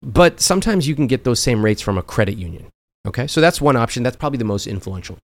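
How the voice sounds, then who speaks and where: A man's voice: medium pitch, expressive, quick pace, no echo. A man who is a personal finance author, a guest on a podcast, speaking bluntly and with some profanity while acting out the voices of people he quotes. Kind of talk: animated podcast conversation.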